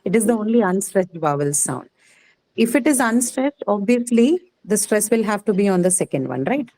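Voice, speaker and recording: A woman runs a lesson, repeating each word slowly and asking her students to name the stressed syllable. Her voice sits at a middle pitch, and the sound is dry and close with no room echo. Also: expressive, warm tone. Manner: patient, repeats words slowly, quizzes students. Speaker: English teacher. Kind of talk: online class on word stress.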